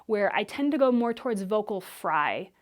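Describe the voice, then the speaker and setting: A woman Alexander Technique teacher who explains and demonstrates movement for public speaking in a clear, patient way. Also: mid-range voice, animated, moderate pace.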